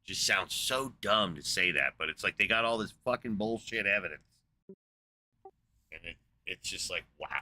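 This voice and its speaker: A man's voice: deep voice, lively intonation, moderate pace, bright, forceful tone, a little hiss or hum. A man in a casual, rambling monologue, swearing a lot, incredulous and full of fillers. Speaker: podcast host. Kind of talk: casual profane rant.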